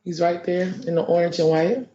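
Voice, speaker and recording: Halting woman witness in echoey court. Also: lowish voice, steady tone, warm tone. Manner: halting, repeats herself, many fillers. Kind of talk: courtroom testimony. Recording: echoey muffled courtroom stream.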